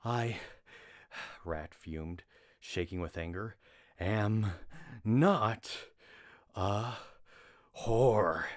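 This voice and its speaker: A prickly young thief girl who snaps back with sharp, indignant outbursts, as a man reading a story puts her on. Her lines are pitched well above his deep voice and pushed louder. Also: extremely slow, pauses often. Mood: furious.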